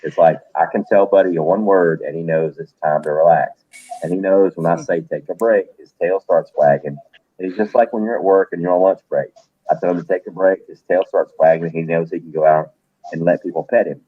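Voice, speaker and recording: Husky low-voiced man telling stories. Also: a little fast, phone-quality sound. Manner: animated anecdotes with quoted voices. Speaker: host. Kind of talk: casual storytelling chat.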